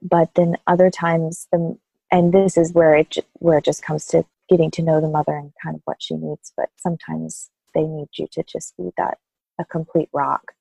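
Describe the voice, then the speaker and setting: A woman postpartum doula speaking thoughtfully and gently in an interview, with soft laughs. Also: sits low, level tone, normal speed, gravelly, breathy edge, no room sound, poor audio. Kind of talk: interview conversation.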